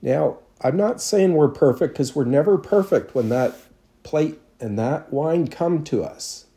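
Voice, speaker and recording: A man's voice: on the high side, expressive, unhurried, dark tone. A man, a pastor, preaching a sermon in a conversational storytelling way with self-deprecating humor.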